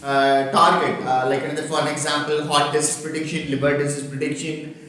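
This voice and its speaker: A man teaching an online workshop, halting and full of fillers, often checking that he can be heard. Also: on the high side, flat delivery, fairly bright tone. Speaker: workshop trainer. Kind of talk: online lecture with screen demonstration. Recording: very echoey room, from far off the mic.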